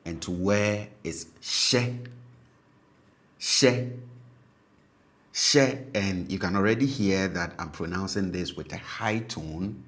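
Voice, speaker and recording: Deep-voiced man teaching a language lesson. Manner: patient, repeats examples slowly; checks in with "okay?".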